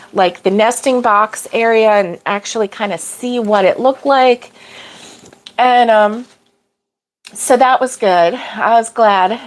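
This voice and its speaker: A middle-aged woman hosting a casual livestream, rambling through a story with fillers and laughs, fighting off allergy sneezes. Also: fairly high pitch. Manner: rambling, chatty, laughs often, greets viewers by name. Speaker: crochet livestream host. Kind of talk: casual chat.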